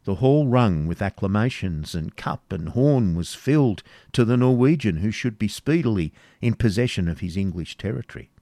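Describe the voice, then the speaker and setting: A man reading an audiobook as narrator, measured and even. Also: fairly low pitch, no echo, studio quality. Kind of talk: scripted narration.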